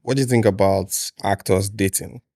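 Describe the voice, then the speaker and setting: A man's voice: fairly low pitch, steady tone, normal speed, creaky, warm tone. A man hosting a podcast interview who asks casual questions in a playful, teasing way and presses for answers.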